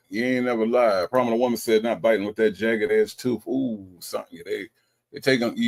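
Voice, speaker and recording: A man hosting a casual livestream, reading viewer comments aloud and teasing them with an animated manner and features. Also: medium pitch, moderate pace. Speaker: livestream host reading chat.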